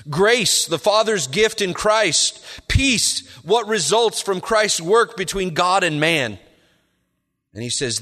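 A man preaching an expository sermon, rising in pitch on key words and slowing down to read quotations. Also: a bit bright. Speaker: pastor. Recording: long reverb of a large hall.

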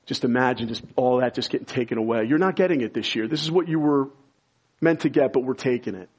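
A man preaching a sermon as pastor, explaining scripture and rising to loud, high-pitched emphasis when stirred. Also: quick pace, breathy edge, muffled recording.

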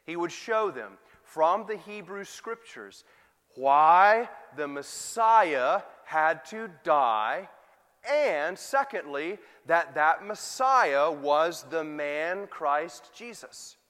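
High-voiced man preaching in a hall. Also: very animated, very slow. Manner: preaching with big swings in loudness, rising to emphatic peaks. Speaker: pastor. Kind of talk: sermon.

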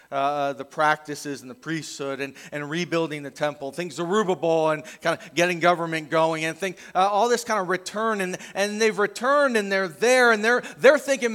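A man's voice: fairly high pitch, a bit bright, long reverb tail. A middle-aged male pastor preaching a conversational sermon, acting out the voices he quotes.

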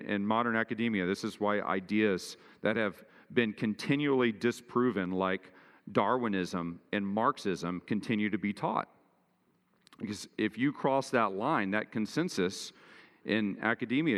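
Deep-voiced man preaching in a reverberant hall. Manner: earnest preaching, rising in pitch and force for emphasis. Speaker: pastor. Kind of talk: sermon.

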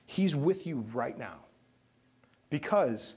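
Husky guy preaching a sermon, chatty, asks the room questions, voice goes all over. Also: mid-range voice, very animated, normal speed, darkish tone. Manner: conversational, asks the congregation questions. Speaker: pastor. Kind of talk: sermon and closing prayer.

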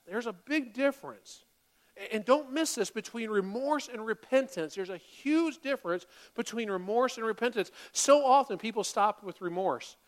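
A man delivers a sermon from the pulpit of a church, his voice sitting high for a man. He moves between plain teaching and animated, louder acted-out apologies as he makes his points. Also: normal speed, long reverb tail. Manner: animated, acts out quoted apologies in a raised voice. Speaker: pastor. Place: church sanctuary.

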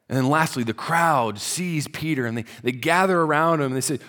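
A man preaching a sermon, retelling the story conversationally and dropping to a soft, low voice at solemn moments. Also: fairly quick, hardly any pauses, long reverb tail. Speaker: pastor.

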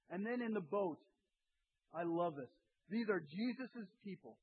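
A middle-aged man preaching a sermon as pastor, lively and acting out voices of the people in his story. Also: high voice, moderate pace, breathy edge. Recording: tinny phone-like sound.

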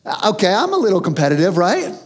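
A man preaching a sermon, telling a humorous story with animated, self-mocking delivery. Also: high-pitched, quick pace, big-room sound. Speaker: pastor.

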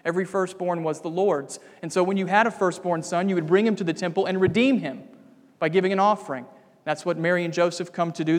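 Male preacher, high voice, emphatic sermon delivery, long reverb. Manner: emphatic, addresses listeners as friends.

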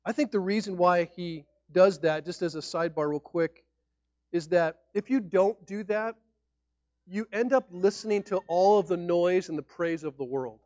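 High-voiced animated man preaching. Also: normal speed, no echo. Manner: animated, acts out shouting fans and mock-formal speech. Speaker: pastor. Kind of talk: sermon. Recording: dry, dull lo-fi sound.

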